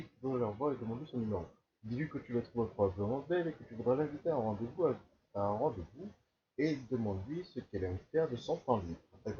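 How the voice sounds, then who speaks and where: Quick-talking male streamer, dark tone, light background hiss. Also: medium pitch, muffled recording. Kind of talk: live game commentary.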